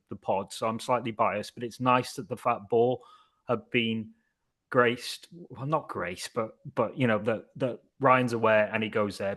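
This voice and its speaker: A man chats casually as a podcast co-host, with a mid-pitched voice. He talks in a loose, chatty way and swears freely. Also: a bit bright. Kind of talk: casual chat.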